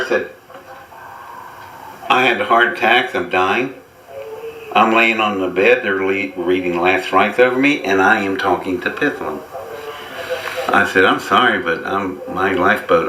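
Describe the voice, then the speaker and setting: A man with a low, bright, forceful voice tells his story in a folksy, wry way, breaking into chuckles. He sounds like he is in a roomy, echoey space with a faint hiss behind him. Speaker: interview guest. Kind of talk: casual storytelling.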